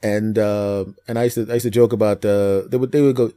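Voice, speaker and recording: A middle-aged man from Philadelphia with no regional accent, hosting a casual chat and telling stories with lots of laughter and quick character voices. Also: lowish voice. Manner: animated storyteller, slips into funny voices, laughs a lot. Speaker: podcast host and comedian.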